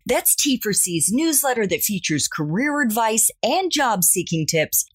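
A woman's voice: fairly high pitch, husky, dry recording, clean studio sound. A woman hosting a podcast, reading an upbeat scripted intro full of playful coffee puns. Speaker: podcast host.

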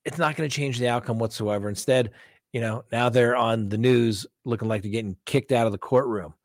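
Middle-aged male lawyer host, lively storyteller who acts out the courtroom, mid-pitched voice, dry close recording. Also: fairly quick, no room sound. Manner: animated storytelling, acting out courtroom exchanges. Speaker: defense attorney. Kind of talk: casual chat answering viewer questions.

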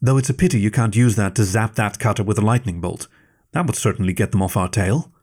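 A man's voice: on the low side, fast talker, slightly rough. A man voicing a composed female fox swordmaster who speaks evenly and dryly. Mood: calm dry. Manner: even, dry, composed.

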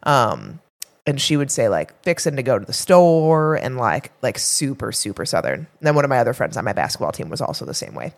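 A woman's voice: very deep voice, very animated, brisk, creaky. A woman co-hosting a health podcast in casual chat, rambling a little with fillers and restarts. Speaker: podcast co-host, health coach.

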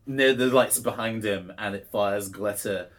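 A man's voice: on the low side, unhurried. A man narrating a tabletop game as game master, chatty, with many ums and uhs.

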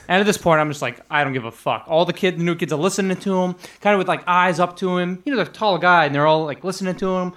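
A man's voice: quick pace, hardly any pauses, a bit bright. A young man telling restaurant stories in casual chat, laughing often and acting out quotes. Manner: laughing storyteller, acts out quotes in a higher voice.

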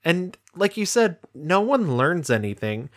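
A man's voice: fairly high pitch, big pitch swings, measured pace. A man co-hosting a film review podcast, talking in a dry, analytical way. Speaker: podcast co-host. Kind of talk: casual film review chat.

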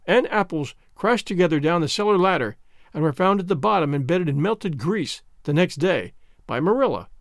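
A man narrating an audiobook in an expressive storytelling manner. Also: sits high, dry recording, studio quality.

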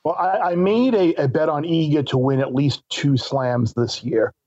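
A man's voice: fairly high pitch, normal speed, darkish tone, highs cut off. A man joining a betting talk show as a guest, talking in a stop-start way and repeating words as he thinks. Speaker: guest sports bettor.

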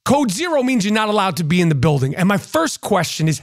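A man's voice: high voice, big pitch swings, brisk. A man and podcast host ranting to camera, crude and mocking, often repeating himself. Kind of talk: profane ranting monologue to camera.

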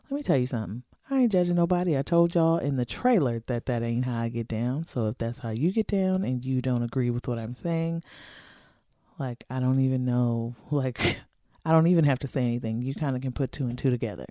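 A woman's voice: a bass voice, animated, a little fast, dark tone, dry recording, studio quality. A woman in her forties hosting a podcast, giving frank, slangy, playful advice to listener letters and laughing often. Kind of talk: casual advice chat.

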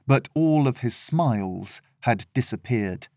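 A man reading his own fantasy story aloud as writer and narrator, in measured, expressive storytelling. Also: medium pitch, dry recording, studio quality. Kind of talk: scripted narration.

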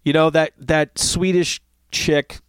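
A man's voice: on the high side, slow pace, smooth, dry recording. A middle-aged man telling a story in a casual monologue, ranting and swearing as he goes. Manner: profane, ranting, animated storytelling.

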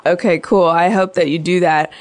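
A woman hosts a comedy call-in show. She teases her callers with crude jokes and a dry, deadpan delivery. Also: fairly low pitch, moderate pace, dry recording. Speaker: podcast host. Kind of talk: casual comedic phone-in chat.

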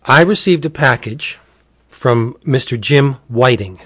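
A man's voice: medium pitch, measured pace, fairly bright tone, no room sound, clean studio sound. A man from Pennsylvania co-hosting a casual podcast chat at home, jokey and prone to stumbling over his words. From Pennsylvania, USA. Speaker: podcast co-host. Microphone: home recording setup.

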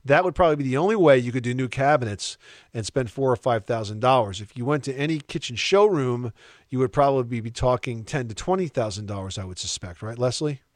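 A man's voice: mid-range voice, animated, fast talker, no room sound. Man hosting a dry-sounding call-in show. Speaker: radio home-improvement host.

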